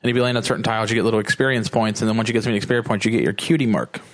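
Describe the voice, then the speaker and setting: A man's voice: fairly low pitch, fairly even intonation, very fast. A young man co-hosting a podcast, chatting casually and rambling, laughing often. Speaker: podcast co-host. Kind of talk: casual chat.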